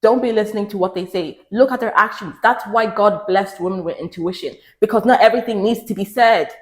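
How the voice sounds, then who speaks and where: Speaking fairly quickly in a reverberant space, a woman gives direct-to-camera relationship advice. Her style is emphatic and preachy, with repeated lines and impressions of others in a higher pitch.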